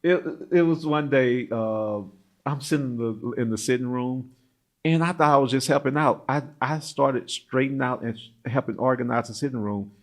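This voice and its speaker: Man, middle-aged, African-American accent, animated, laughing storyteller, interview guest. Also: mid-range voice, normal speed. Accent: African-American English. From United States. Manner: animated, laughs often, acts out quoted voices.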